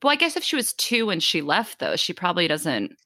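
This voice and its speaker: A woman hosting a podcast, chatting casually and telling animated stories, slipping into mocking voices. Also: lowish voice, brisk, dry recording, studio quality. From Italian immigrant family. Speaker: podcast host. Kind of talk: casual chat.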